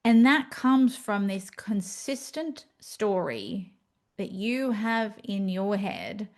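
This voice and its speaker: A woman with a mid-range voice speaks slowly but with a lot of animation as she hosts her own podcast. Her reflective monologue is candid and lively, sprinkled with playful asides.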